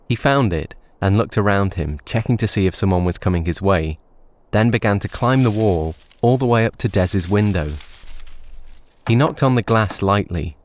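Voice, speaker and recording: A man calmly narrating an audio story in a measured way. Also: deep voice.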